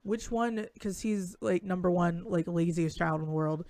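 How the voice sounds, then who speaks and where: A young woman co-hosts a casual sports chat stream, bubbly, laughing often, and swearing freely. Her voice is on the low side and darkish, at normal speed. The recording is dry.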